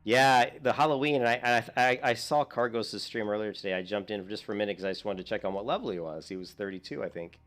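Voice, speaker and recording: Guy streaming a game, lowish voice, rambles and laughs at himself. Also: quick pace, hardly any pauses, a bit bright, faint music behind. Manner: rambling, self-mocking, chuckling often. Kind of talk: casual gameplay commentary.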